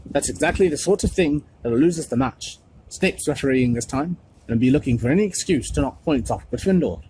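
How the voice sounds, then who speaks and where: A man voicing a stern teenage sports captain who yells at his team, in a storybook reading. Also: fairly high pitch, a little fast, voice pushed up, lightly acted. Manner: yelling, stern. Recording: noisy home recording.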